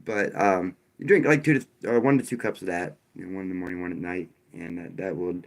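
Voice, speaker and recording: A man's voice: low-pitched, brisk, vocal fry. A man hosting a live stream, talking loosely and casually, with frequent restarts and a wry, sarcastic edge. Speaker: livestream host.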